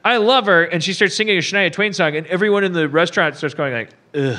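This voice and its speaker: A man's voice: a little high, fast, pushed and bright. A middle-aged man ranting comedically about a movie on a podcast, swearing and mimicking characters.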